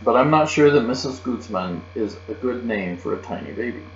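A man voicing a patient mother in a children's audiobook reading, speaking softly and calmly. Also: mid-range voice, fairly quick, close to an everyday voice. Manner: soft, calm, patient. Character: patient pregnant mother, gently scolding. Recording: roomy, dull, with mains hum.

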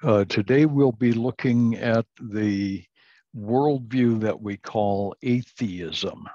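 A man teaching a recorded online class, halting with many fillers and restarts, chuckling at his own jokes. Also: fairly low pitch, dark tone, no echo, muffled recording. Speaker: Bible teacher.

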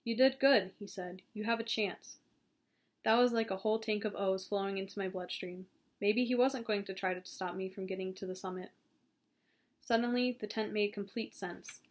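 A woman reads a novel aloud in a calm, steady voice at an ordinary pitch. She sometimes trips over a word and starts the phrase again. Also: normal speed. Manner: calm, steady reading with small slips and restarts. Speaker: audiobook reader.

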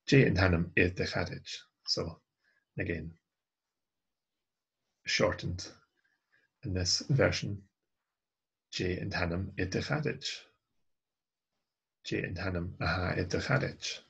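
A man's voice: low-pitched, slow, creaky, long pauses, a bit bright, breathy edge. A man teaching a recorded language lesson, reading dialogue lines aloud and then translating and explaining them. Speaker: language tutor.

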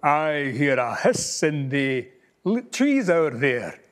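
A man doing a gruff slow Scottish monster. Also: fairly high pitch, sing-song, voice pushed down. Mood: wary. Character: big hungry gullible male monster. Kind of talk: storybook reading in Scots.

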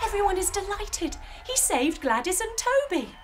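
A woman's voice: very high-pitched, very animated, moderate pace, heavy background noise. A woman teaching yoga to children through a playful story, full of sound effects and guiding instructions.

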